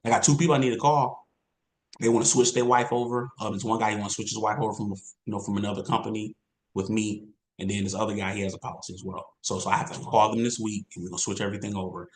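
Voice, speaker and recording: A man giving an energetic, repetitive sales training talk as an insurance coach. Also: fairly low pitch, fast talker. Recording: roomy echo.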